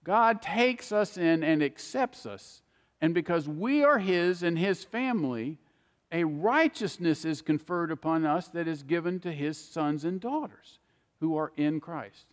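A man preaching a sermon, repeating key words for emphasis with slow, deliberate phrasing. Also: a little high, lively intonation, long reverb tail.

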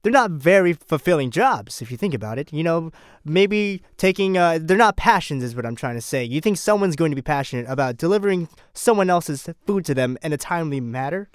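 A man's voice: on the high side, expressive, brisk, clear, resonant tone, no room sound, studio quality, close to an everyday voice. A man playing an easygoing podcast co-host. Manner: casual, easygoing. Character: laid-back young male podcast host. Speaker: co-host of a parody political podcast.

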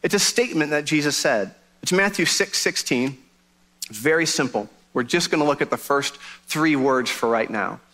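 A man preaching a sermon as pastor, telling a joke in an animated storytelling manner. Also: a little high, moderate pace.

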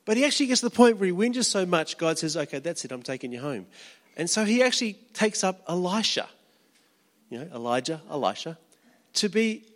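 A man's voice: high voice, long reverb tail. A man preaching a sermon as a pastor, telling Bible stories in a casual, chatty way and acting out the quotes. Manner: casual, storytelling, acts out quotes.

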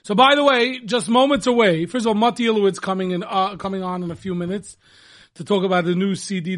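A man hosting a radio talk show in casual chat, excitable and repeating words for emphasis. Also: high voice.

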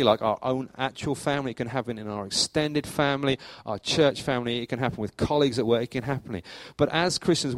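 A middle-aged man preaching a sermon as church leader, telling stories in a lively way with sudden rises in pitch and loudness. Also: no echo. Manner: animated storytelling, acts out anecdotes with jumps in pitch and volume. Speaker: pastor.

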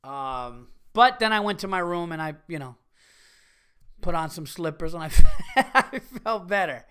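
A middle-aged man hosting a podcast, telling a profane, animated story with bursts of exasperation. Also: a little high, unhurried, clean tone. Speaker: podcast host. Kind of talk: casual comedic storytelling rant.

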